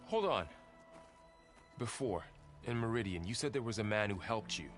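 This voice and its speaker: An actor voicing a loyal young male warrior companion with an earnest, gentle way of talking. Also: on the low side, animated, normal speed, faint music behind, close to an everyday voice.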